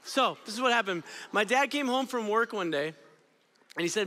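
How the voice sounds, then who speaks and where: Bright, high-voiced young preacher in a hall. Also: male voice, brisk. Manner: energetic, storytelling, drops to quiet intensity. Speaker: student ministry speaker. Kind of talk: youth sermon. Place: church auditorium.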